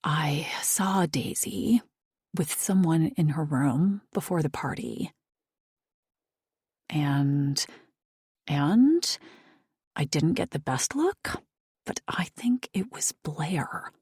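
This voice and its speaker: Casting: a blunt, exasperated woman doctor read by a woman narrator, low and husky, dry close audiobook sound. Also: lively intonation, extremely slow, long pauses, a little mellow, dry recording, full character voice. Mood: hushed. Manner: frustrated, blunt.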